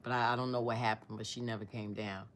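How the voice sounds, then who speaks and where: A woman's voice: a bass voice, flat delivery, quick pace, slight background noise. Earnest older woman telling a personal story. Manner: rambling, searching for words, drops to a hushed near-whisper; earnest and devout. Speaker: storyteller vlogger.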